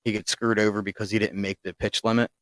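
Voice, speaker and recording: A man with a lowish voice co-hosts a sports podcast in loose, rambling chat. He restarts his sentences often and swears casually. The sound is close and dry, with no room around it. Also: level tone, fast, a bit bright, dry recording. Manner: rambling, profane, restarts a lot. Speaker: podcast co-host.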